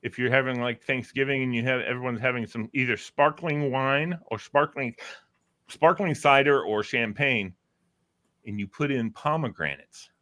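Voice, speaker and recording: A man's voice: medium pitch, moderate pace. A man hosting a casual chat, telling jokes with lots of laughter. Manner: animated joke-telling, laughs at his own punchlines. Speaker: host.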